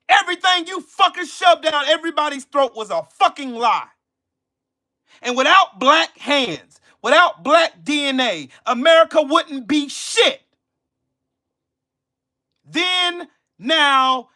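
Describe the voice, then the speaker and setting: A man rants to his viewers in a high, sharp, tense voice that leaps up and down in pitch. He is profane and confrontational, and breaks into shouting as he hammers his points home. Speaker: channel host. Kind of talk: angry livestream rant.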